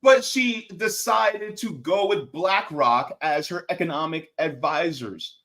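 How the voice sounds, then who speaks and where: A man's voice: on the high side, slow pace, a bit bright, slight background noise. A man hosting casual political commentary, full of sarcastic remarks and laughing asides. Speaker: host.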